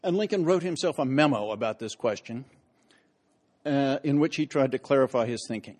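A man's voice: mid-range voice, normal speed, darkish tone. Guy giving a history talk, dry jokes, leans hard on the big lines. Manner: wry, storytelling, dramatic emphasis. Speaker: historian lecturer. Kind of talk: public lecture.

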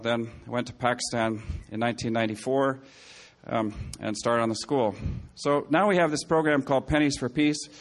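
Man rambling through an anecdotal talk. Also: mid-range voice. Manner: rambling, frequent self-corrections and asides. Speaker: public speaker. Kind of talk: anecdotal speech to an audience.

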